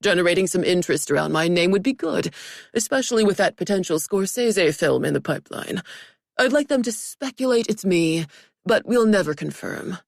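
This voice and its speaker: A woman's voice: on the low side, animated, moderate pace, creaky, no room sound, clean studio sound. Woman voicing a vain celebrity boss. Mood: bossy. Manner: commanding, dismissive. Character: vain self-absorbed male celebrity boss.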